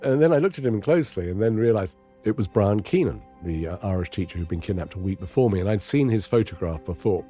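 Very deep-voiced English man, reflective. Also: expressive, warm tone, faint music behind. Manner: measured, understated, wry. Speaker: interviewee recounting his captivity. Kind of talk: reflective first-person testimony.

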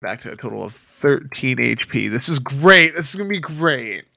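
A man's voice: medium pitch, expressive, moderate pace, gravelly, sharp tone, dry recording, clean studio sound. A man playing a tabletop game in an eager, playful way. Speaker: player. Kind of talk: casual tabletop play.

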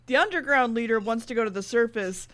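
Animated, higher-voiced woman recapping a show. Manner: swearing, animated retelling with quick character voices. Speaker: podcast co-host recapping an episode. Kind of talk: casual chat.

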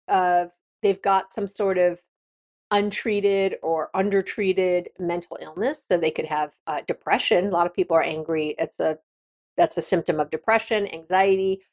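A woman hosting an advice podcast, talking frankly and directly in a casual monologue with frequent restarts. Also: medium pitch. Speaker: podcast host.

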